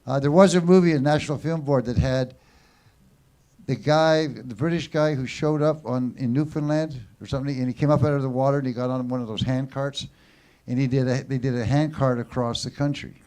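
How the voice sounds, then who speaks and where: A man's voice: medium pitch, fairly even intonation, fairly quick, darkish tone. A man emceeing an open mic, telling a rambling story and then introducing the next performer heartily. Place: small showroom stage.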